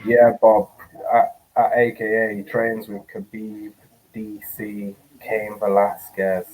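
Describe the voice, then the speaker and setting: Male co-host calling a fight's action in a lower register. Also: little pitch movement, takes it slowly, darkish tone, poor audio. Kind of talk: casual fight commentary.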